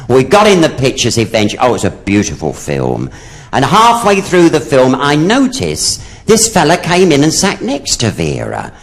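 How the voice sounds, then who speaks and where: Camp, gossipy drag comedian. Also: male voice, medium pitch, huge pitch swings, moderate pace. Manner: gossipy, camp, swoops between voices for punchlines. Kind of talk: stand-up comedy storytelling.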